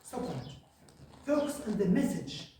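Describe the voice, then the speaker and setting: A man's voice: sits high, big pitch swings, warm tone. Guy teaching english class, lots of uhs and right?, far off mic in a super echoey room. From Algeria. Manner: halting, many fillers, checks in with "right?". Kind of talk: classroom lesson.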